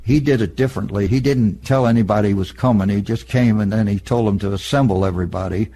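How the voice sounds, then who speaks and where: An elderly man in an oral history interview, recalling past events in a plain, matter-of-fact storytelling way with a husky voice. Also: lowish voice, fast talker, dark tone. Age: older. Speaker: interviewee, veteran.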